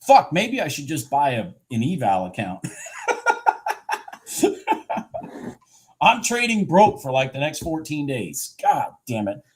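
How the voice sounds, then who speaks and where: A man's voice: fairly high pitch, huge pitch swings, normal speed. A man commentating his own live futures trading on a stream, frustrated and swearing, talking to himself and to his chat. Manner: laughs at himself, repeats phrases. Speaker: livestream futures trader.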